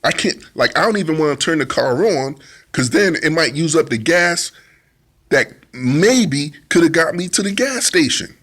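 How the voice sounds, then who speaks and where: A man's voice: on the high side, lively intonation, normal speed, fairly bright tone. A man telling a personal testimony in a vivid storytelling way, acting out his own side of an argument in plain informal speech. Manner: informal speech with dialect grammar. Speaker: testimony speaker.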